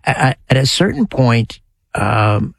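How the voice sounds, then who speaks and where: A man's voice: medium pitch, sing-song, a little slow, vocal fry, breathy edge. A man hosting an interview, giving short reactions and asking curious follow-up questions. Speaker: podcast host.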